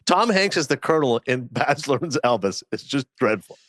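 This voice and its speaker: A man's voice: medium pitch, lively intonation, a bit bright, no echo. A middle-aged man from Canada, a podcast guest who races through stories and acts out the quotes. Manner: quick anecdotes with acted-out quotes. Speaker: guest, film and sports commentator. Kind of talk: casual chat.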